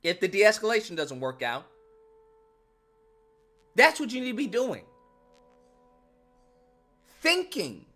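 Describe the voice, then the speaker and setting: Man, commentary rant, very lively pitch, sharp bright voice, repeats himself for emphasis, swears a lot. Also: takes it slowly, long pauses, soft background music. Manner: emphatic, repeats lines for effect, profane. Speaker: commentary channel host.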